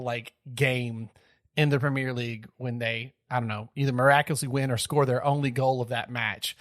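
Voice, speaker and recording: A man co-hosting a soccer podcast, chatting casually with a joking, animated manner. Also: mid-range voice, no room sound, clean studio sound. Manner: laughs easily, animated banter. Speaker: podcast co-host. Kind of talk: casual sports chat.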